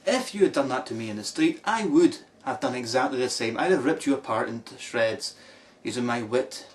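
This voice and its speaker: A man's voice: medium pitch, expressive. Scottish guy being sarcastic and mocking on a vlog, kinda far from the mic, little bit of noise behind. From Scotland. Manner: mocking, sarcastic, drawn-out put-downs. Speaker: video blogger replying to a critic. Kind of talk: sarcastic response video. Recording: distant mic with faint background noise.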